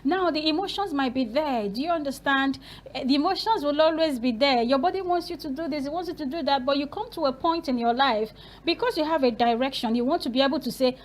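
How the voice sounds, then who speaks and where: A woman's voice: high voice, expressive, fairly quick. A woman hosting a Christian talk show, speaking earnestly and preaching through rhetorical questions.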